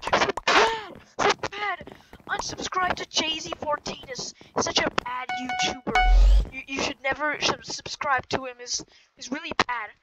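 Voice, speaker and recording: A woman giving excitable, joking live commentary over her own gameplay, often yelling at the game. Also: sits high, heavy background noise. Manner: excitable, jokey, yells at the game. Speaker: gaming YouTuber.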